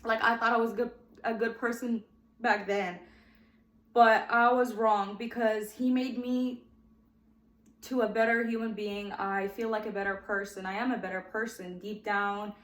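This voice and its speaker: A woman in her twenties hosts her own podcast, telling her life story in a chatty, heartfelt manner and often calling her listeners "guys." Her voice sits fairly high and her tone stays steady as she speaks unhurriedly in a reverberant space. She gets emotional, at times close to tears.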